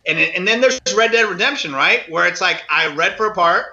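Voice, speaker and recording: A man's voice: sits high, fairly quick, highs cut off. A middle-aged man, a guest actor and comedian, telling stories in casual podcast chat, acting out voices and laughing often. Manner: animated storyteller, acts out voices, laughs often.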